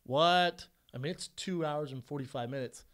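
A man's voice: fairly high pitch, normal speed, a bit bright. A man co-hosting a podcast, bantering bluntly and teasing his partner in casual chat. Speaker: podcast co-host. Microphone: studio mic.

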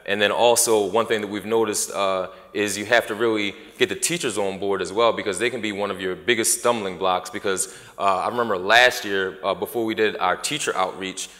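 A man's voice: fairly low pitch, steady tone, a little fast, hardly any pauses, a bit bright. A man giving a conference talk in an easygoing way, with lots of uh and you know. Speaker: conference presenter. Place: conference hall. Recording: echoey hall.

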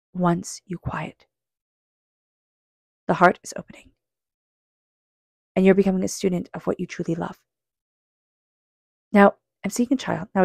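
Female tarot reader, low-pitched and dry-sounding, earnest and calm, addresses the listener directly. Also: vocal fry, no echo. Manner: earnest, speaks straight to the listener. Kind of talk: psychic tarot reading.

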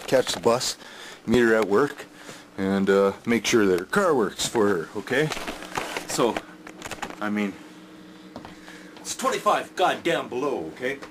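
An older Canadian man venting in an angry rant to camera, swearing heavily, yelling and repeating himself. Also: on the low side, lively intonation, unhurried, pauses often, slight background noise. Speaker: vlogger.

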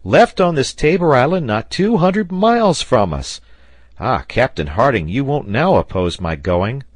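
A man voicing an eager, excitable male sailor in an audiobook, speaking loudly and with rising urgency. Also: normal speed, no room sound. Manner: excited, loud, raised pitch. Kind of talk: audiobook character voice.

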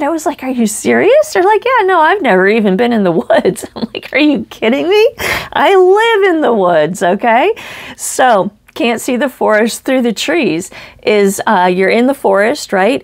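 A woman giving a tarot reading in an emphatic, blunt way, checking in often with "right?" and "okay?" and swearing casually. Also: mid-range voice. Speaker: psychic tarot reader.

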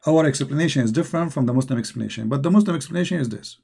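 A man's voice: mid-range voice, rapid-fire, creaky, a little mellow, breathy edge. A man hosting a live online discussion, speaking in a mocking, emphatic and repetitive way, with non-native English grammar. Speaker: online debate host.

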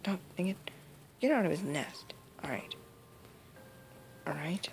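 A woman giving casual let's play commentary, often muttering her asides. Her voice sits low with a gravelly fry, and steady noise runs under the home recording. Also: a little slow, rough recording. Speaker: gamer.

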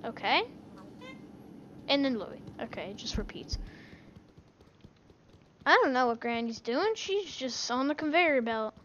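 A woman giving casual gameplay commentary on a headset, excitable and given to sudden shouts. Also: high-pitched, measured pace, pauses often, dull audio, slight background noise. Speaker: gaming video creator. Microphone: gaming headset.

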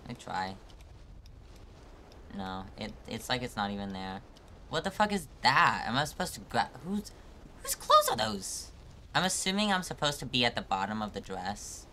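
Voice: medium pitch, huge pitch swings, moderate pace, pushed and bright, a little hiss or hum. A live streamer commenting on a hard climbing game, exasperated and self-mocking, joking about being about to cry.

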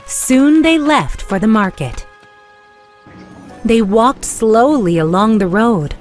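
Woman narrator for a kids' story, unhurried, clear, expressive, lively lilt, soft music behind. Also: on the high side. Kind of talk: scripted children's story narration.

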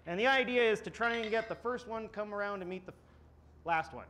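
A man's voice: sits high, fairly quick, pushed and bright, slight background noise. A man giving a live blacksmithing demonstration, joking and rambling with plenty of fillers. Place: smithing conference demo area.

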